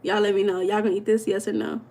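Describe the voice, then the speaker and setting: A woman's voice: medium pitch, little pitch movement, quick pace, mellow. A woman coach hosting a livestream, speaking in in a playful, teasing way and repeating her questions to viewers in the chat. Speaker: life coach and livestream host.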